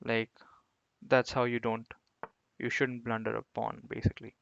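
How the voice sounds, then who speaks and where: A man's voice: mid-range voice, completely flat delivery, normal speed, vocal fry, a bit bright, no room sound, highs cut off. A man streaming online chess games, chatting with his viewers and poking fun at his own blunders. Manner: chatty, talks to viewers, self-mocking about his blunders. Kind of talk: live commentary while playing online chess.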